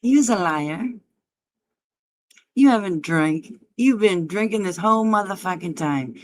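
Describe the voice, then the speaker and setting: Slow-talking taunting woman livestreamer. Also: medium pitch, lively intonation. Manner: taunting, profane, mocking. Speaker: livestream host. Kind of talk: heated livestream argument.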